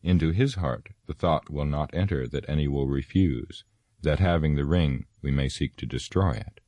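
A stern old wizard, as a deep-voiced man puts him on speaks firmly and commandingly with a raised voice. The voice is very low and the recording is dry. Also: moderate pace, dark tone, no room sound.

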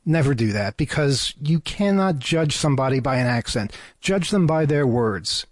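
A man's voice: mid-range voice, lively intonation, normal speed, no room sound. Earnest male radio host, dry studio sound. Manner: earnest, hesitant. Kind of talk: radio talk show.

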